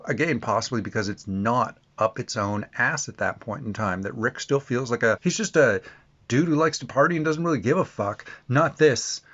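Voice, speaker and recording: A man's voice: medium pitch, a bit bright. A man giving a casual, blunt, profanity-laced review. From Canada. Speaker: video reviewer. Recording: muffled lo-fi audio.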